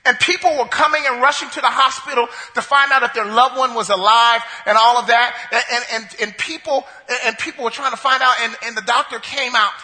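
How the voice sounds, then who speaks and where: A man delivers a sermon in a very high, ringing voice. He preaches emphatically, repeating phrases and rising to shouts. His voice trails into the long reverb of a large hall. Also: steady tone, fairly quick, few pauses. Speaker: pastor.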